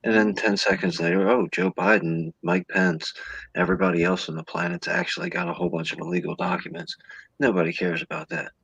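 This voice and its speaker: A man's voice: low voice, big pitch swings, fast, gravelly, a bit bright, husky, no echo, highs cut off. A man in a casual political chat, ranting and mocking opponents in sarcastic voices. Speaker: podcast guest.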